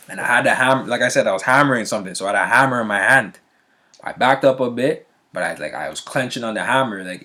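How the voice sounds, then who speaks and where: A man with a slightly low voice telling a story in an easygoing, conversational way. He keeps checking in with the listener and trips over his words as he goes, with filler words and quick restarts. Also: pushed and bright. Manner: frequent fillers and restarts, a laugh now and then. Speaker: vlogger. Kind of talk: casual storytelling.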